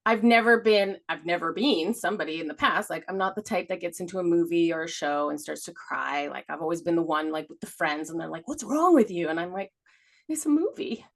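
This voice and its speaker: A woman's voice: lowish voice, fairly even intonation, fast talker, gravelly, hardly any pauses. A middle-aged woman co-hosting a podcast, telling a story in a rambling way, laughing often and swearing casually. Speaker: podcast co-host. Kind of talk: casual chat.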